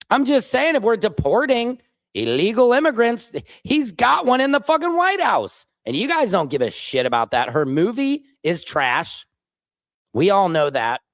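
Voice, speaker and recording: A man from the United States hosting a political livestream, ranting with heat and plenty of profanity. His pitch swoops up and down, and he stops often to answer viewer comments aloud. The sound is dry and close, with no room echo. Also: very animated, moderate pace, fairly bright tone. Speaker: livestream host.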